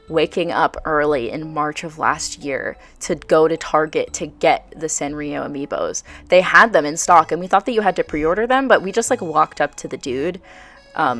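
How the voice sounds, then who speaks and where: A young woman narrating a video game build in a casual, bubbly voice-over, full of "like" and quick asides. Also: sits low, a bit bright. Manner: chatty, bubbly, filler-heavy with frequent "like".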